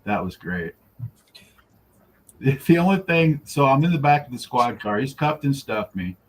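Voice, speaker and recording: A man in casual chat, telling an animated anecdote and acting out the quoted lines. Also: mid-range voice, moderate pace, slight background noise, poor audio. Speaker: stream co-host.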